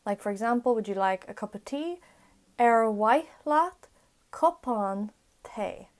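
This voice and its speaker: Young woman, friendly vlog tutor, slightly high voice, slow and careful, repeats words for learners. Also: animated. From Ireland. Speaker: language tutor. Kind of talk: casual vlog-style language lesson.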